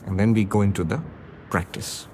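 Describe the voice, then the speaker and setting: A man giving a philosophy lecture, explaining ideas step by step with frequent pauses and fillers. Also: on the low side, steady tone, dark tone. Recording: lecture under vehicle noise.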